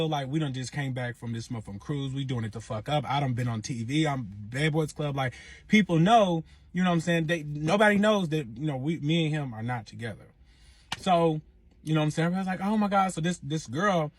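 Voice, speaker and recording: A young man tells a wild personal story in a husky, breathy voice, with a dry, close sound. He swears freely and keeps checking in with his listener as he goes. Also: fairly high pitch, no room sound. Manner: animated, profane, says 'you know what I'm saying' a lot. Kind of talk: casual storytime monologue.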